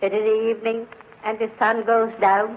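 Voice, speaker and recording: A woman giving a dramatic, animated recitation of a narrative poem. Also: a little high, fast. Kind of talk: expressive poetry recitation. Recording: tinny phone-like recording with faint hiss.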